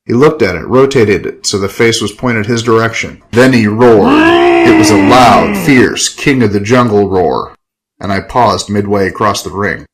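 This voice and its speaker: Low-voiced man telling a gritty tale. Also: animated, moderate pace, heavy background noise. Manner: gritty, profane, wry. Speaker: storyteller. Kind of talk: first-person scripted narration.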